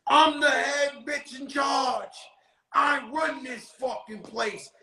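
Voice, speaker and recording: Man doing a menacing female jail guard: loud, drawn-out, bright, high, a little echo. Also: fairly even intonation, gravelly, full character voice. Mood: domineering. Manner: shouted, drawn-out threats.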